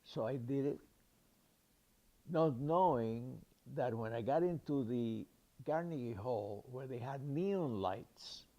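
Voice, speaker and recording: Older man with a mellow voice, rambling. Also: medium pitch, expressive, slow pace, lo-fi sound. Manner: rambling, with fillers and restarts, acts out the people he quotes. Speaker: storyteller. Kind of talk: recounting a personal anecdote.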